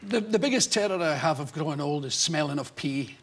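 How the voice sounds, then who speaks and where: A man's voice: on the high side, animated, brisk, vocal fry, a bit bright. An older man with a Scottish accent, a chat show guest telling comic stories in a rambling, wry way, heard on a noisy television broadcast. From Scotland. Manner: rambling, wry, breaks into laughter. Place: television studio.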